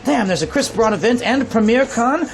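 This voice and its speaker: A man from Kansas telling excited stories while live streaming outdoors by a pub, swearing freely. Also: very high voice, brisk, vocal fry, faint music behind. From Kansas, USA. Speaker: IRL streamer. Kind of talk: casual live stream storytelling. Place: outdoors on a town street by a pub.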